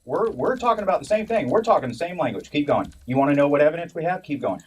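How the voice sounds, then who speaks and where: A man's voice: a little high, animated, quick pace, a little mellow, slightly rough. A man working as a detective who speaks curtly and firmly, cutting off an arrested woman in a police station. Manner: curt and firm, cuts her off.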